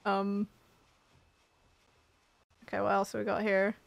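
A woman's voice: medium pitch, monotone, takes it slowly, gravelly, no echo. A woman casually chatting and thinking aloud while playing a mystery game with a friend. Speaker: let's play streamer. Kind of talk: casual gaming chat.

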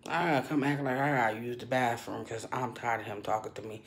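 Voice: medium pitch, fairly even intonation, fast talker. A kitchen worker hiding in a work bathroom, half-whispering a blunt, profane rant into a phone held close. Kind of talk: hushed vlog rant.

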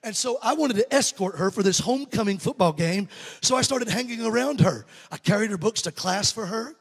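A man's voice: high-pitched, animated, a little fast, a bit bright, breathy edge, long reverb tail. A man in his fifties with a Southern accent, an evangelist preaching a humorous story to his congregation and joking with the crowd. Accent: Southern American. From Alabama. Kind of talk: sermon storytelling. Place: church sanctuary.

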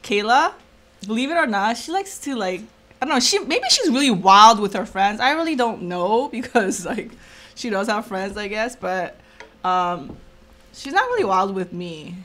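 A woman's voice: mid-range voice, lively intonation, moderate pace, fairly bright tone. A mother in her thirties hosting a casual mukbang chat, chatty and teasing, laughing often. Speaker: channel host and mother.

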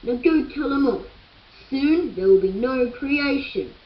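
A woman's voice: high voice, lively intonation, unhurried, muffled recording. A woman voicing a stern male forest guardian spirit in a storybook tale, speaking solemnly and pleading.

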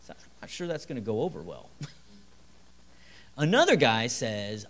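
A man's voice: medium pitch, measured pace, long pauses. A middle-aged male pastor preaching a midweek sermon in a church, telling stories with acted-out quotes and chuckles. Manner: lively, storytelling delivery with chuckles and acted quotes. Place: church sanctuary.

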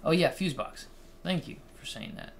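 A man's voice: a little high, animated, moderate pace, gravelly, slight background noise. A man casually commenting on a game he's playing with friends, laid-back and swearing when startled. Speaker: let's play host.

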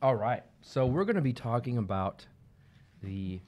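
A man's voice: mid-range voice, very animated, normal speed, darkish tone. Guy hosting a game shop livestream, voice bounces up and down a lot, upbeat and jokey. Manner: upbeat and joking. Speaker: host. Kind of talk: livestream product rundown.

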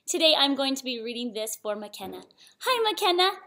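A woman's voice: high voice, big pitch swings, moderate pace, bright, forceful tone. A woman hosting a children's story channel, reading a picture book aloud in a sing-song manner and asking the young listeners questions.

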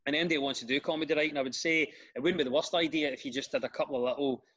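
A man with a Glaswegian accent, a comedian and radio presenter, telling stories in a casual podcast chat with lively restarts. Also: on the high side, racing. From Glasgow, Scotland. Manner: animated storyteller with frequent restarts.

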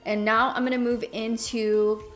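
A woman's voice: on the high side, flat delivery, normal speed, faint music behind. An enthusiastic young woman with no accent, chatting casually as she demonstrates a makeup look to her viewers. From Hispanic background, speaks without Spanish accent. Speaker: beauty YouTuber. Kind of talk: makeup tutorial talk.

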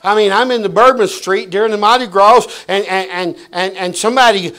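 A man preaching a fiery sermon in a church, swinging between loud shouts and quiet asides. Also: high-pitched, fairly even intonation, brisk, hardly any pauses. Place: church sanctuary.

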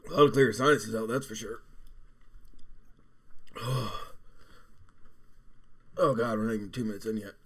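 Teary, groaning young man with a low voice. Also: measured pace, pauses often, fairly bright tone, slightly rough. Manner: groaning and swearing, breaking off mid-sentence. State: teary and burning from hot pepper. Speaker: gaming channel host. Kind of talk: casual vlog chat during a hot pepper challenge.

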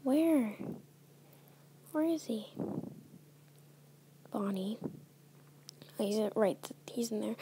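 A woman's voice: on the high side, expressive, very slow, pauses often, warm tone, a little hiss or hum. A young woman commentating a horror game as she plays, nervous and often dropping to a whisper. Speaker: let's play gamer.

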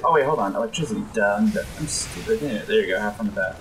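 A young man giving jokey, excitable let's play commentary, reacting to the game and putting on silly voices for the enemies. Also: on the low side, fairly quick, slight background noise. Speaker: gameplay commentator.

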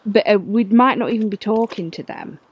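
A woman's voice: medium pitch, brisk, slightly rough, dry recording, highs cut off. A woman, a paranormal investigator, chatting casually and questioning spirits directly. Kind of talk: casual on-location chat.

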